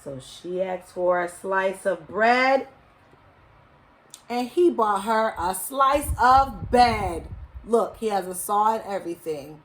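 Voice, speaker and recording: A woman reading a picture book aloud to children, expressive, with chatty asides to her young listeners. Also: mid-range voice, takes it slowly, poor audio. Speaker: storyteller.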